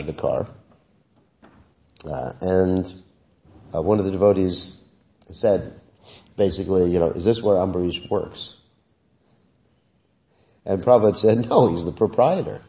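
A man giving a scripture class in a relaxed, conversational way, with many fillers, sometimes chanting Sanskrit verses. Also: lowish voice. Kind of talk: sermon. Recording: voice heard from a distance.

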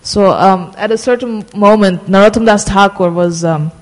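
Halting devotional storyteller in a reverberant room. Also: mid-range voice. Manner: halting, many fillers and restarts, slows for emphasis.

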